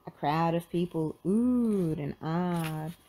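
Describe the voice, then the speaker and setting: A woman reading a children's picture book aloud in an expressive storytelling manner. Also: fairly low pitch, slow, low-quality recording.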